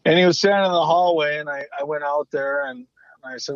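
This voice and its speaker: A man's voice: fairly high pitch, brisk, dry recording. A man guesting on a podcast, telling stories in a loose rambling way, restarting his sentences and swearing now and then. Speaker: guest, former hockey player. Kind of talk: casual storytelling interview. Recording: muffled lo-fi remote audio.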